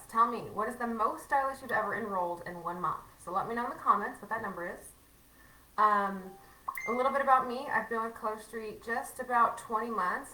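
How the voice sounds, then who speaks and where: A woman's voice: medium pitch, bright, forceful tone, reverberant, distant mic, a little hiss or hum, low-quality recording. A woman giving a casual livestream training to her team, chatty and self-mocking with many fillers.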